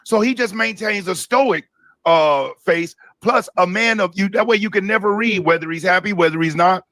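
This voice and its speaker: High-voiced man with bright, dry sound. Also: moderate pace, no room sound. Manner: opinionated, explanatory. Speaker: co-host of a live commentary stream. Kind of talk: casual political commentary.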